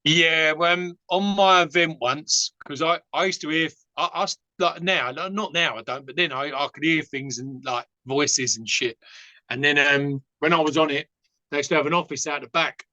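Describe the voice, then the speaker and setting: A man's voice: on the high side, normal speed, sharp tone, no echo, low-quality recording. A man from England with an Essex accent, a podcast guest telling stories in a rambling, frank way with many fillers. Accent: Essex English. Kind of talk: casual storytelling.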